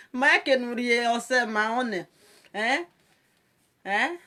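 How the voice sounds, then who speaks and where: A Nigerian woman hosting a live video rant into her phone, her voice sitting a little high. She mocks and scolds the people who called in. She breaks into laughter again and again between jabs. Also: animated, a little slow, bright, forceful tone. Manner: mocking, scolding, laughs often between lines. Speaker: social media presenter.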